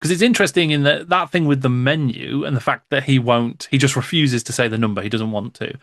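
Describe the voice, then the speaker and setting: A man's voice: medium pitch, a little fast, a bit bright, no room sound, studio quality. A man hosting a podcast, chatting casually about a film and agreeing with his guest. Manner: brief agreeing interjections. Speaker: podcast host.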